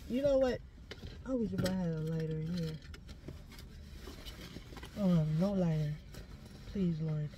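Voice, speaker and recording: A woman's voice: lowish voice, measured pace, pauses often, warm tone, slightly rough, dry recording. A woman ranting to camera from inside a car, emphatic and full of curse words, preaching between complaints. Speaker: social media creator.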